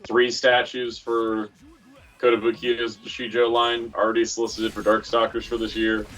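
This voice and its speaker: A man on a game stream chatting casually, rambling excitedly like a fan with quick asides. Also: medium pitch. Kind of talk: casual chat. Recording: distant mic with music playing.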